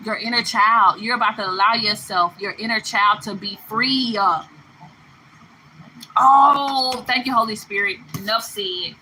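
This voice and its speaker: A woman's voice: on the high side, fairly even intonation, unhurried, pushed and bright, a little hiss or hum, poor audio. A woman giving a spiritual tarot reading, talking emphatically to the listener, repeating phrases and laughing between them. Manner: addresses listener affectionately. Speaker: tarot card reader.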